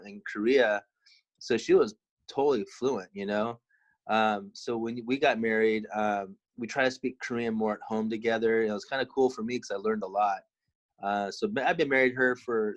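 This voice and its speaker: A man in his thirties in casual podcast chat, relaxed and rambling with many fillers. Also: on the low side, lo-fi sound. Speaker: podcast co-host.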